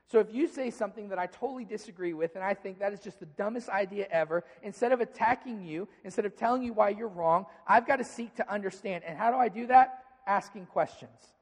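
A man's voice: sits high, a little fast, hardly any pauses, long reverb tail. A man preaching a sermon as pastor, talking conversationally and acting out little dialogues.

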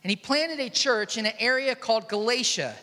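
A man's voice: very high-pitched, lively intonation, a little fast, bright, forceful tone. A man preaching a sermon in a large church hall, conversational and storytelling, joking with the congregation. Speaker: pastor. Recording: echoey hall.

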